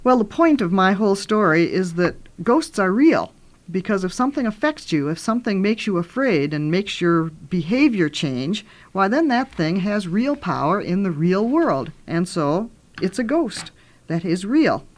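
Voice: mid-range voice, very animated, normal speed. An author reading from their own book aloud and retelling the story in a homey, conversational way.

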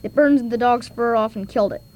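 A woman's voice: fairly high pitch, a little fast, darkish tone, rough recording. Woman reading a story aloud. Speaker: reader.

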